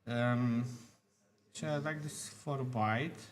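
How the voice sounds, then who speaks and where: Guy talking through chess moves, stops and restarts a lot, crowd murmuring behind. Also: medium pitch. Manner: halting, repeats words, thinks aloud over moves. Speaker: chess commentator. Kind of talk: live chess commentary.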